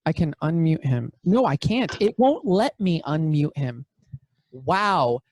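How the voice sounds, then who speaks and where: A young man hosting a podcast, telling stories in casual chat with animated, profane bursts. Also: fairly high pitch, slow, no echo. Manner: animated, profane storytelling with sudden loud bursts. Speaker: podcast host.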